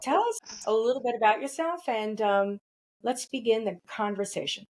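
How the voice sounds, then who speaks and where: A woman's voice: a little high, expressive, normal speed, a little mellow, poor audio. A woman hosting a podcast interview in a casual, chatty, rambling way, often laughing. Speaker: podcast host.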